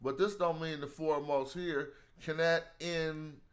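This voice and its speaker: Casual male stream host, slow and slangy, working through texts out loud in a higher voice. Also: fairly even intonation. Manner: slangy, thinking aloud, drawn-out words. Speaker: live stream host teaching hieroglyphs. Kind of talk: casual live-stream study session.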